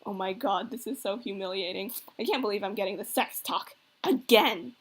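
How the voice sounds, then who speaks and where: A woman's voice: medium pitch, normal speed, slightly rough, natural voice. A woman voicing an embarrassed, sarcastic teenage boy from a visual novel. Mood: flustered. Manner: flustered, exasperated.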